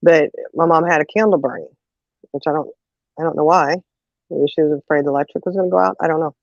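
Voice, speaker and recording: A woman's voice: sits low, fast, creaky, no room sound. A woman hosting a casual chat, telling family stories with lots of laughter and "you know"s, acting out the voices of the people in them. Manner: lively storyteller who acts out quotes, laughs often, says "you know" a lot. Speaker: host. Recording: dull, muffled audio.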